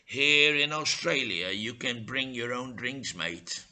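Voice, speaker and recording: A man's voice: mid-range voice, lively intonation, slow, bright, forceful tone, full character voice. A man voicing a curt, impatient young waiter at a beach bar, a mocking lad. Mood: blunt, impatient.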